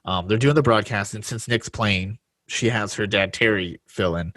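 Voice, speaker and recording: A man co-hosting a casual podcast chat, wry, often dropping low and quiet when he sums things up. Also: moderate pace, dry recording. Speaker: podcast co-host.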